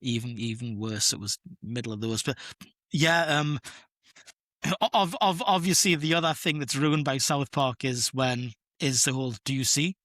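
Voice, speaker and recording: A man's voice: mid-range voice, moderate pace, fairly bright tone, dry recording, clean studio sound. A man co-hosting a casual film podcast, talking in a chatty, rambling way with restarts. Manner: chatty, rambling, laughs at own jokes. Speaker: podcast co-host.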